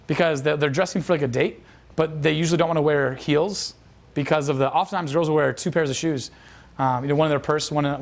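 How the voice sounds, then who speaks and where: A man telling a dating coach's story as a lesson, casual and profane, with lots of fillers. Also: on the high side. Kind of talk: instructional storytelling.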